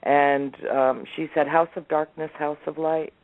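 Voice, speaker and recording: A woman's voice: low voice, unhurried, no echo. A woman in her sixties, a guest telling family stories in an interview, acting out what her relatives said. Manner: animated storyteller, acts out family members' lines. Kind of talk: storytelling in a remote interview. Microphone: phone or call line. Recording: tinny, dry phone-line audio.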